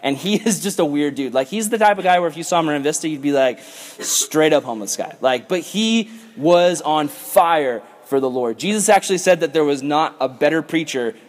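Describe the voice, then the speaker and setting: A man teaching a Bible study to young people in a loose, chatty way. He is animated and uses "like" constantly. His voice sits a little high for a man. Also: brisk, few pauses. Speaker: youth pastor leading a Bible study.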